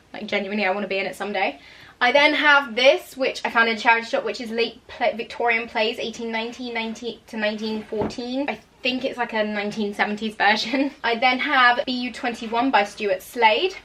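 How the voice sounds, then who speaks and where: Young woman, casual vlogger, bright slightly high voice, chatty and excitable. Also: slight background noise. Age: young adult. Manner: chatty, enthusiastic, laughs and stumbles over names. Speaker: actor vlogger. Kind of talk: casual chat.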